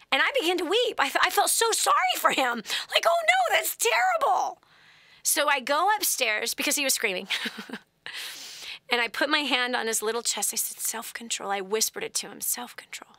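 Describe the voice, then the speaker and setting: A woman hosting a radio call-in advice show, telling stories in an animated way and sometimes dropping to a whisper. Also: a little high, dry recording. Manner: animated, laughing, drops to a whisper at times. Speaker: host.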